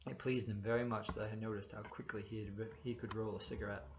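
A man reading a story aloud in steady, measured first-person narration. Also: lowish voice, noisy background. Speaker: audiobook reader. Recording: dull lo-fi recording.

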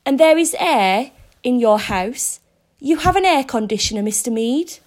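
A woman's voice: high-pitched, animated, measured pace, voice pushed up. A woman voicing a cold, metallic robot police car that barks curt commands and questions in a storybook reading. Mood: interrogating. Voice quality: metallic, hissing.

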